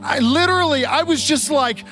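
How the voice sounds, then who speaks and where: A man in his thirties, a pastor preaching a sermon from a stage and telling stories in an animated, vivid way. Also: very high voice, moderate pace, soft background music. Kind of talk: storytelling sermon. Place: church stage.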